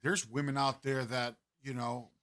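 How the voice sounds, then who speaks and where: A man's voice: mid-range voice, moderate pace. A middle-aged man hosting a podcast, chatting casually and putting questions to the audience. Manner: animated, poses questions to the audience, swears casually. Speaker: podcast host.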